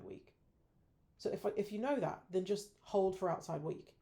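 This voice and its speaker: A woman talks through her week of options trades and berates herself for poor execution in a blunt, frustrated way. Her voice is gravelly with a dark, mellow tone. The talk is casual, with occasional swearing. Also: medium pitch, normal speed. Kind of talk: casual weekly trade review.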